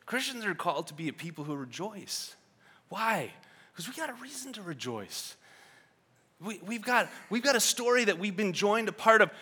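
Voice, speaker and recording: A man preaching with a high, bright voice. He swings from quiet reflection to shouted exhortation and often repeats himself mid-thought. His tone is bright and forceful. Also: very animated, moderate pace, breathy edge. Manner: repeats words and restarts when thinking. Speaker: pastor. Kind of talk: sermon.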